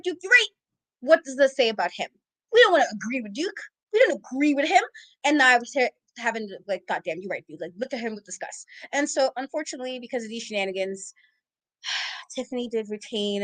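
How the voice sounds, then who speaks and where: A high-voiced woman recaps a wrestling show with sass and exasperation. She talks casually and animatedly as a co-host. Her voice is close and dry. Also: dry recording, rough recording. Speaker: podcast co-host.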